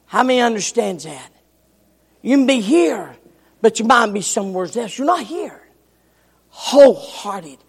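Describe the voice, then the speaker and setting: An older man delivers a sermon in a very high, gravelly voice, slow and drawn out. He swings from shouted lines to hushed, almost whispered ones. The sound rings with a long hall reverb. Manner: shouting and dropping to near whispers. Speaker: pastor.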